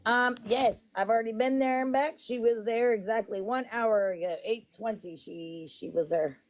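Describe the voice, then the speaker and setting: A woman's voice: on the high side, normal speed. Rambling woman livestreaming. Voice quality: rambling, fond of "it's like". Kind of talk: casual livestream chat. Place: home kitchen.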